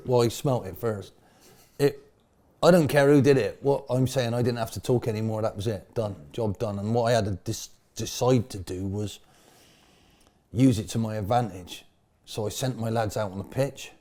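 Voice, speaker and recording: A middle-aged former football manager, speaking in a mid-range voice, tells football stories during a pub interview. He uses colourful slang, his voice swooping up and down as he rattles through the tale and bursts into loud laughter.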